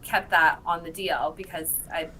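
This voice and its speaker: A woman recapping TV episodes in casual chat, telling the story with lots of fillers and quick bits of the characters' lines. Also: sits low, steady tone, sharp tone, a little hiss or hum, low-quality recording. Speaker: podcast guest.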